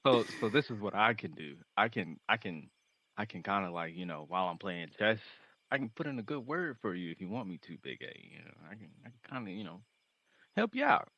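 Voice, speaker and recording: A man's voice: on the low side, sing-song, brisk, pushed and bright, dry recording, exaggerated voice. A man voicing a boastful teen boy demigod chess champion with a brash, teasing way of talking.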